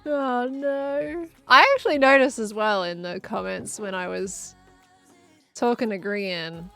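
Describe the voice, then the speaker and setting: A woman's voice: mid-range voice, takes it slowly, gravelly, a bit bright. An Australian woman chatting casually while streaming a game and answering chat, with faint music behind her.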